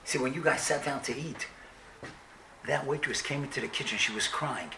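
A man doing a hushed, earnest restaurant owner. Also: mid-range voice, normal speed, vocal fry, recorded from a distance, noisy background, lightly acted. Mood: solemn. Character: calm older male restaurant owner.

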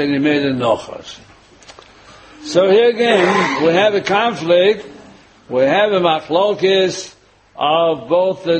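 An older man, a rabbi, preaching a sermon and weaving in a personal story with frequent pauses and fillers. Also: fairly high pitch, rough recording. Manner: rambling, many filler pauses, chuckles at own jokes.

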